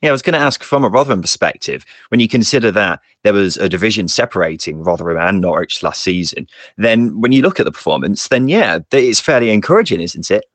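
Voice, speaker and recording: A man's voice: fairly low pitch, lively intonation, fast talker, no echo. A man hosting a football podcast, leading the chat, reading out results and putting questions to guests. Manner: leads the discussion, asks questions and reads results. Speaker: podcast host.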